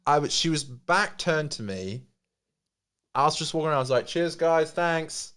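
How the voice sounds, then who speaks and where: A man's voice: on the high side, normal speed, clean tone. A young man with a mixed English and Australian accent, telling a story in casual chat and acting out both sides of it. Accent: English-Australian mix. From England. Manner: animated, acts out both sides of a story with lots of "like".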